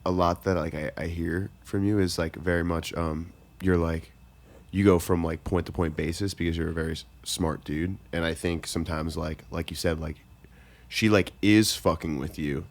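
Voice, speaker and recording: Very deep-voiced young co-host. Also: male voice, steady tone, moderate pace. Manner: supportive, hesitant, many fillers. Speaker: podcast co-host. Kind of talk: casual podcast chat.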